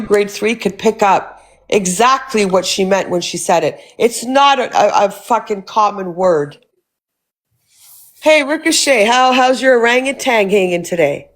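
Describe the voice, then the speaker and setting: A woman hosting a live stream, ranting with profanity and disbelief. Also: mid-range voice. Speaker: livestream host. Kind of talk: heated live-stream commentary.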